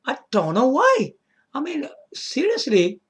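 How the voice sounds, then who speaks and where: A man's voice: very high-pitched, wildly swooping pitch, a little slow, husky. A man casually talking through a solo video, rambling, repeating words and checking in with the viewer. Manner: chuckles to himself and apologizes. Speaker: video game vlogger.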